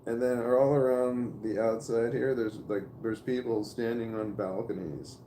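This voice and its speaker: A man talking casually to camera in a rambling, halting way, with restarts and swearing. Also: medium pitch, fairly even intonation, dark tone, a little hiss or hum. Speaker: vlogger. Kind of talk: casual spoken monologue to camera. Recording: roomy echo.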